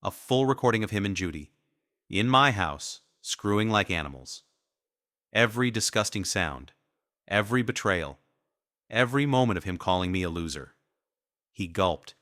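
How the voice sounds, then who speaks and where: Casting: deep, slow, cold male storyteller, bright dry read. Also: expressive, no echo. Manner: cold menacing. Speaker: narrator. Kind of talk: scripted first-person story narration.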